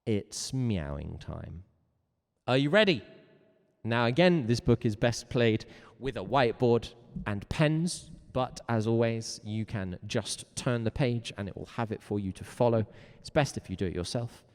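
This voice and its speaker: A man's voice: mid-range voice, animated, measured pace, in a large hall. A man teaching an online music lesson, enthusiastic and coaxing, asking his learners again and again if they are ready.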